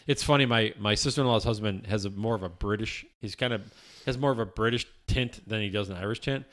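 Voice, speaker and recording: Rambling man with a lowish voice. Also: fast, a bit bright. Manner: rambling, frequent restarts and casual swearing. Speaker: podcast host. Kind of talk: casual chat. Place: office.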